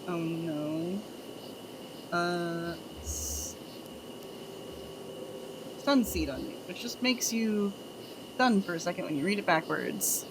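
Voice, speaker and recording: A woman's voice: mid-range voice, noisy background. A woman streamer chatting casually with her chat, telling groan-worthy jokes and giggling at them.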